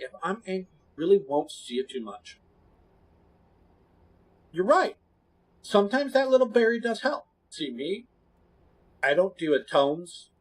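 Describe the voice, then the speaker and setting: A man streaming, chatting with his viewers in a blunt, candid, rambling way that often drops suddenly to a quiet mumble. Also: high voice, breathy edge. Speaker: gaming streamer. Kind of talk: casual chat to stream viewers.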